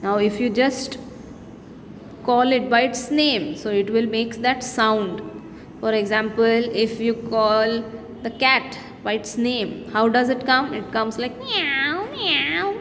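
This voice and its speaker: A woman's voice: a little high, steady tone, takes it slowly, fairly bright tone. A woman teacher with an Indian English accent, reading poem lines aloud and explaining them in simple words to young students. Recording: long-reverb room with faint background noise.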